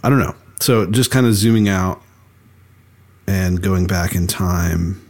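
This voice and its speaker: A man co-hosting a podcast in relaxed chat, rambling with lots of fillers and restarts. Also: deep voice, measured pace. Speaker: podcast co-host. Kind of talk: casual chat.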